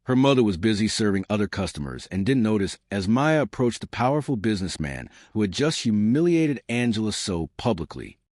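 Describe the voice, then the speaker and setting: A male narrator reads a dramatic story with expressive, steady delivery. His voice is fairly low and moves widely in pitch. It is recorded close and dry. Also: a little fast, hardly any pauses, no echo.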